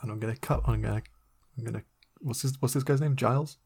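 A man's voice: mid-range voice, fast, creaky, a little mellow, breathy edge. A man playing a tabletop game, rambling through restarts as he describes his character's actions. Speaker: player. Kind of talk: tabletop role-play chat.

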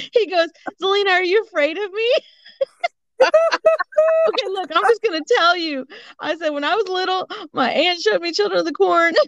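A woman co-hosting a podcast, telling a story in casual chat, animated, laughing often and acting out what people said. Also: very high voice, a little slow, pauses often, no echo. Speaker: podcast co-host. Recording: dull lo-fi audio.

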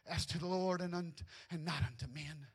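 A man preaching a sermon, telling personal stories in an animated way that often rises almost to a shout. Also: on the high side, moderate pace, husky. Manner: animated storytelling, often rising to near shouts, with laughs. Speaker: pastor.

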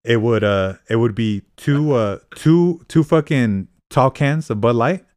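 A man's voice: mid-range voice, unhurried, darkish tone, no echo, clean studio sound. A man talking casually and rambling, with many fillers and repeated "I remember". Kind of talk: casual podcast chat.

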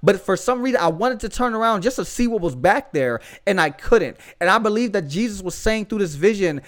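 A man's voice: high voice, lively intonation, fairly quick, hardly any pauses. A man hosting a podcast, telling a testimony in a fervent, emphatic way with casual asides to his listeners. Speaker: podcast host.

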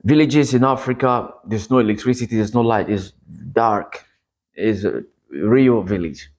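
A man from the Democratic Republic of Congo preaches a sermon testimony in a husky, slightly mellow voice at a measured pace. He tells his story earnestly, his pitch rising at the dramatic moments.

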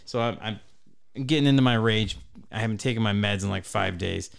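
A man's voice: medium pitch, fairly quick, smooth. A man in his thirties telling a rambling, profane story as a podcast host in casual chat. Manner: profane, rambling, animated when telling stories.

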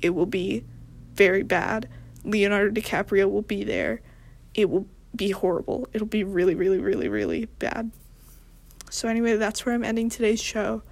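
A young woman hosting a show, talking in a rambling, casual monologue with strong vocal fry and deadpan, self-mocking humor. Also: medium pitch, moderate pace. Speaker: podcast host.

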